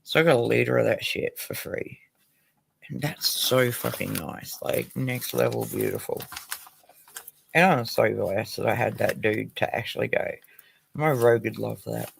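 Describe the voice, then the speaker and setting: A man's voice: mid-range voice, normal speed, vocal fry, slight background noise. An Australian man hosting a casual livestream, talking crudely, swearing and laughing often. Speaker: livestream host.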